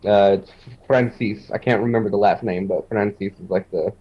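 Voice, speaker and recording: A man on an indie game team telling quick anecdotes in casual chat and quoting what others said. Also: fairly low pitch, steady tone, lo-fi sound. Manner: fast storytelling, quoting others.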